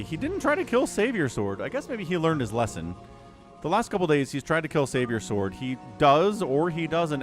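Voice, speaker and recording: Animated male game caster. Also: mid-range voice. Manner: animated, playful, reads player chat in mock voices. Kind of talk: casual live game commentary.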